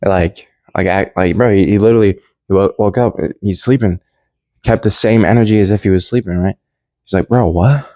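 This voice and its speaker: A man's voice: lowish voice, fairly even intonation, fairly quick, mellow, no room sound. A young man rambling through a casual Bible commentary in slangy, laid-back speech full of restarts. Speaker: Bible study vlogger.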